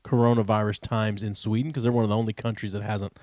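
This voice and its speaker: Laid-back, low-voiced podcast co-host man. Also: flat delivery, fast, dark tone, no echo, studio quality. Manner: laid-back, easily amused, hesitant with many ums. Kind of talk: casual chat.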